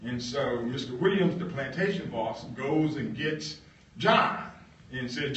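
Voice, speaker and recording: A man giving a storytelling talk, halting with fillers and leaning hard on key words, heard from a distance in an echoey room. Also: medium pitch, expressive, fairly bright tone, dull audio. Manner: halting, with many fillers and emphatic stresses. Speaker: guest speaker.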